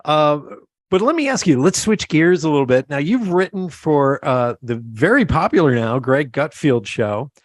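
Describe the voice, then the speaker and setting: A middle-aged man hosting an interview in casual chat, telling animated stories and acting out the voices of people he quotes. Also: on the high side, normal speed, no room sound, clean studio sound. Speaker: podcast host.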